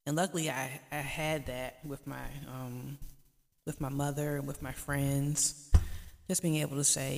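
Her very deep, bass voice stays level and unhurried, with vocal fry. As a vlog host, she talks to camera in a casual, heartfelt way, pleading earnestly and encouraging viewers through her faith, recorded in an echoey room with a long reverb.

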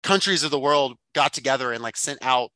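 Bright-voiced man musing with fillers. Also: mid-range voice, expressive, fairly quick, dry recording. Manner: thoughtful, rambling, many fillers and restarts. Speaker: podcast co-host. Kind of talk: casual book discussion.

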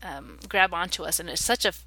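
Earnest woman with a bright tone. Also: on the low side, a little fast, no room sound. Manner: earnest and reflective. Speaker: interview guest. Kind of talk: personal storytelling in conversation.

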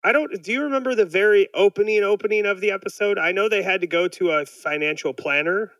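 Bright-voiced man hosting a podcast. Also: high voice, fast, dry recording, rough recording. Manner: animated storyteller, lots of fillers. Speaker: podcast host. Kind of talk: casual chat.

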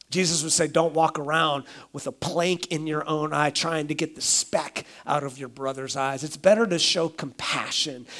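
A man's voice: on the high side, fairly bright tone. A middle-aged man, a pastor, preaching a sermon in a conversational way, acting out everyday quotes.

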